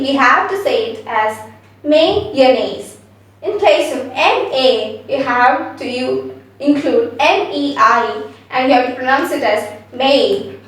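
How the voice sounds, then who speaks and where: High-voiced woman teaching pronunciation, echoey. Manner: repeats words slowly, often checks with "okay?". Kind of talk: spelled-out pronunciation lesson. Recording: very echoey room, mic far away.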